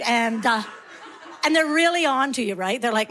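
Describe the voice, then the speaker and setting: A middle-aged woman performing a stand-up comedy routine, animated and acting out her kids and herself in different voices, with audience laughter behind her. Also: on the high side, fairly quick, background noise.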